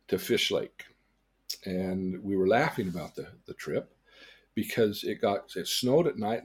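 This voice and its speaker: Husky older man telling stories. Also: mid-range voice. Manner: animated storyteller who acts out quoted dialogue. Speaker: change coach and teacher. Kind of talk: storytelling lesson on a podcast.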